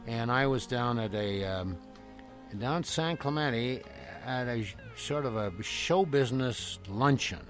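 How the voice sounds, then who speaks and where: An older man from Canada, a guest impressionist, telling lively show-business anecdotes by phone on a radio interview. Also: mid-range voice. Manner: lively, animated storyteller who slips into other voices. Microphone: telephone call-in.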